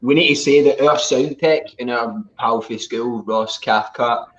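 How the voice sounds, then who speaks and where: A man's voice: mid-range voice, a little slow, a bit bright, lo-fi sound. A man with a Scottish accent chatting in an interview, joking and self-deprecating. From Scotland. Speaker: band member. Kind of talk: casual interview.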